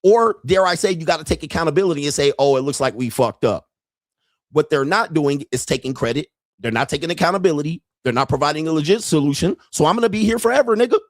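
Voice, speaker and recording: A man's voice: fairly high pitch, fast talker, no echo, studio quality. A man hosting a podcast, ranting in a heated, profane, preachy way and repeating lines for emphasis. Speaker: podcast host. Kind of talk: ranting monologue.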